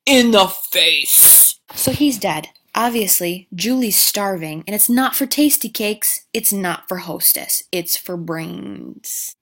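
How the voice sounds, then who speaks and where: A woman who recaps a movie at an unhurried pace, piling on deadpan, sarcastic commentary. She swears freely and pauses to mock the plot. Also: mid-range voice. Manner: sarcastic, profane, deadpan asides.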